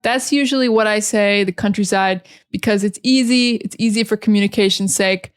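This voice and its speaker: American woman teaching pronunciation slowly. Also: medium pitch. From United States. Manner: slow, clearly articulated drills with repeated model words.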